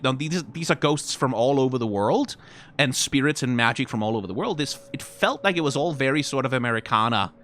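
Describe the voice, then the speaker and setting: A man reacting to game character designs in casual, rambling commentary, full of fillers, restarts and sudden excited jumps. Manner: rambling, frequent fillers and self-corrections; animated, pitch jumps when excited.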